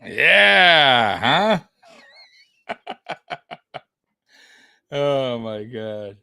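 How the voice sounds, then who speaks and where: A male podcast co-host offers casual live fight commentary, chatty and rambling, repeating himself and laughing often. His mid-range voice is animated at a normal pace, with a noisy background behind him.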